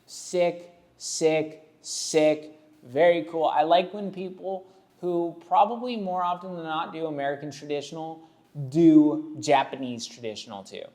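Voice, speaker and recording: A man's voice: a little high, unhurried, a little mellow. A man in his thirties, a tattoo artist, giving casual, rambling and jokey commentary with a sarcastic streak.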